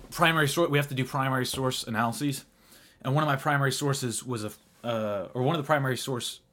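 A young man talks loosely on his podcast, circling back and restarting his sentences as he goes. He laughs easily and swears without much thought. His voice sits at an ordinary middle pitch. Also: fairly bright tone. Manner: rambling, laughs often, swears casually. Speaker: podcast host. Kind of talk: casual podcast chat.

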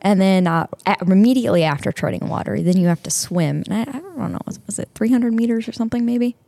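A woman's voice: medium pitch, fast, creaky, no room sound. Laughing woman deputy telling stories. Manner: laughs often, animated anecdotes. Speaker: sheriff's marine deputy, guest. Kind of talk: casual interview storytelling.

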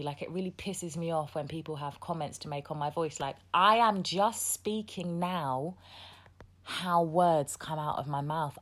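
A woman with a low-pitched voice hosts a podcast conversation. She talks casually and bluntly, swearing freely as she makes her points. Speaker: podcast host.

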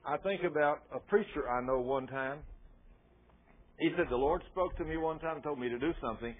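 A man's voice: a little high, fairly quick. A man preaching a folksy sermon, telling stories with self-mocking, chuckling asides. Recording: tinny phone-like radio sound.

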